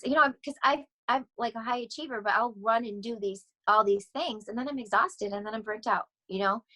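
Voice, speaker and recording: A woman's voice: mid-range voice, a little fast, few pauses, low-quality recording. Chatty, laughing woman vocal coach. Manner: rambling, animated, laughs often. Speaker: podcast guest, vocal coach. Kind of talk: casual interview chat.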